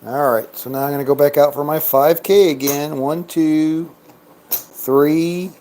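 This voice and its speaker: A man talks his way through a craps game in easy, joking commentary, tallying chips and bets aloud. His delivery is slow and unhurried, and his tone is mellow. A faint hiss of noise sits under the voice. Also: on the high side, steady tone. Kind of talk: casual gameplay commentary.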